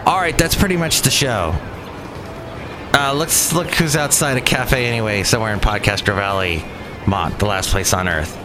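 Over music, a man with a lowish voice hosts a podcast at normal speed, speaking with a Californian accent. His monologue is chatty, wry and rambling, and traffic noise can be heard in the background.

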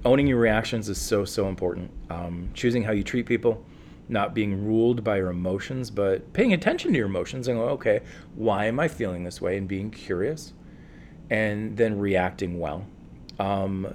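A man, a counselor, answering interview questions in a calm, earnest and reflective way, with many fillers and restarts. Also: lowish voice, normal speed, slight background noise. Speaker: guest, counselor.

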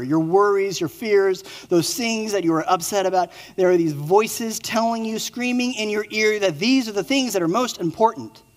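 Man preaching in a reverberant church hall. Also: sits high. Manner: swings from excited storytelling to hushed earnest appeals. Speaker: pastor. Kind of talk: sermon.

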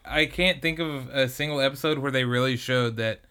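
A man co-hosting a podcast, chatting casually and a bit haltingly about an anime. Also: mid-range voice, bright, forceful tone, clear, resonant tone. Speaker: podcast co-host. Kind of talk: casual chat.

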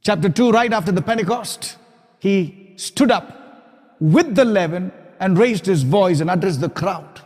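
A pastor preaching a sermon, building to loud, emphatic repetition of his points. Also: sits high, a little slow, in a large hall.

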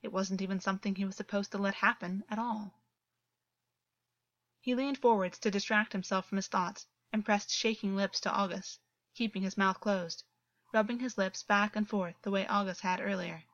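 A woman narrating a story as an audiobook reader, with a steady, even reading delivery. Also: medium pitch, normal speed, dry recording, dull audio. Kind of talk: scripted narration.

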